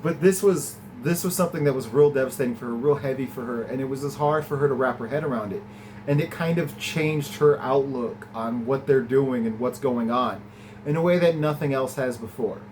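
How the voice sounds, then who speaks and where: A man hosting a podcast, recapping and reviewing an episode in a casual, enthusiastic way, laughing often and letting his pitch jump up when he gets excited. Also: brisk, slight background noise, poor audio. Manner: chatty and enthusiastic, laughs often, swings from low to high pitch.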